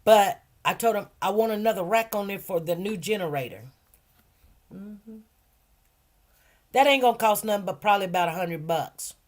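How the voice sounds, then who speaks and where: A woman hosting a casual livestream, chatty and rambling, repeating phrases and talking in relaxed informal grammar. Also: medium pitch, moderate pace, pauses often. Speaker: livestream host and food truck owner.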